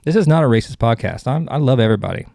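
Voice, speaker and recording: A man's voice: medium pitch, lively intonation, racing, creaky, mellow, no echo, studio quality. A man hosting a comedy podcast, rambling through jokes and cutting himself off mid-sentence. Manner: rambling, self-interrupting, joking. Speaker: podcast host.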